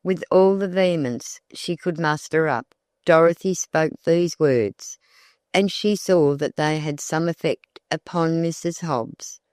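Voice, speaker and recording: An audiobook narrator reads a classic novel in a measured, deliberate voice. The pace is unhurried and steady. The recording is close and dry, with no room around it. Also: mid-range voice, dry recording.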